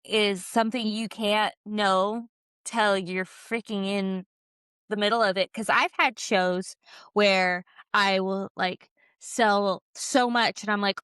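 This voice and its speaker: Smooth-voiced woman, candid and chatty. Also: mid-range voice, a little slow, fairly bright tone, no room sound, clean studio sound. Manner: candid, chatty, heavy on fillers and swearing. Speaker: podcast co-host and small craft business owner. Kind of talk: casual chat.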